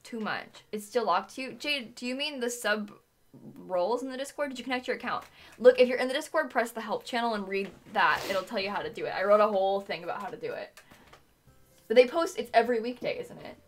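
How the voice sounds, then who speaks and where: A woman's voice: fairly high pitch, animated, a little fast. Giggly, chatty young woman streamer. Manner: giggly, chatty, thanks viewers between chatter. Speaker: live streamer. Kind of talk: casual chat while streaming. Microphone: desk mic.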